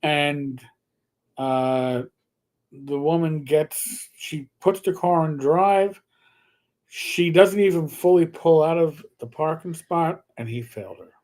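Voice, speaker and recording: A man co-hosting a live stream, telling a story in a casual, lively way, with some swearing and stumbling repeats. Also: on the high side, takes it slowly. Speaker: co-host.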